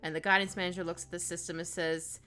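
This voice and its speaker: Bright-voiced woman streamer chatting casually. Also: fairly low pitch, level tone, fast talker. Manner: chatty, reads chat aloud, laughs often, trails off while drawing. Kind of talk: casual live-stream chat while drawing.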